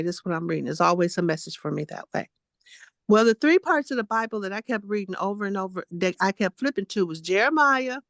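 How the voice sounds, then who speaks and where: A woman's voice: medium pitch, fairly bright tone, no echo. A woman in her late sixties giving a casual spiritual testimony, blunt and emphatic, repeating herself and fussing at her listeners. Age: 60s. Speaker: guest spiritual teacher.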